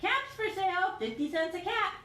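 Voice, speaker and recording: A woman voicing a timid little male cap peddler in a high, pleading voice. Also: expressive, normal speed, sharp tone, far from the mic, full character voice. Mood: calling out. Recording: roomy echo.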